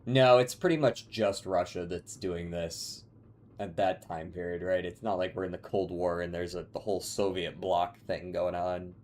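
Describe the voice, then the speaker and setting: A man's voice: low voice, steady tone, normal speed, darkish tone, slight background noise. Joking man streaming a game. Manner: joking, chatty, reads game text aloud in voices. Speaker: streamer playing a video game. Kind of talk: casual gameplay commentary.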